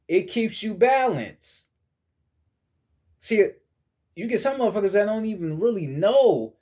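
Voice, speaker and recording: A young man giving a casual spoken lesson on meditation, blunt, profane and preachy, often repeating words as he searches for phrasing. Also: high-pitched. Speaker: spiritual teacher.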